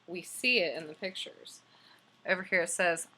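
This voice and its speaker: A woman's voice: on the low side, normal speed, bright, forceful tone. A young woman casually reviewing and reading a picture book aloud, enthusiastic and chatty with plenty of fillers.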